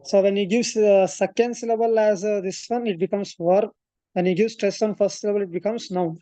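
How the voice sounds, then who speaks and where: Woman, maths tutor, mellow voice, dry close sound, talks through steps with fillers. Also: mid-range voice, steady tone, fairly quick, no room sound. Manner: explains step by step, thinks aloud with fillers and self-corrections. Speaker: maths coaching teacher. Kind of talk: classroom lecture at a board.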